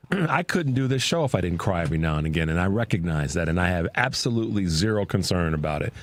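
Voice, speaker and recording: A man's voice: deep voice, quick pace. A man hosting a radio talk show, speaking emphatically in casual chat with frequent restarts. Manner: animated, emphatic, with repeated restarts.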